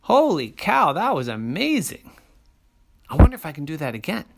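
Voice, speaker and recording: A storyteller voicing an excited young boy in a children's story, speaking high and wide-eyed. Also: racing, gravelly. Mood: amazed.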